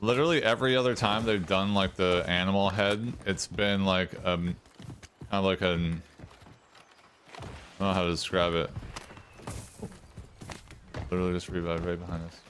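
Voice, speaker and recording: Low-voiced blunt young gamer. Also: male voice, flat delivery, normal speed, long pauses, a bit bright, a little hiss or hum. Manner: blunt, opinionated, rambling. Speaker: gaming streamer. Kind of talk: casual gameplay commentary. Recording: game sounds clearly behind.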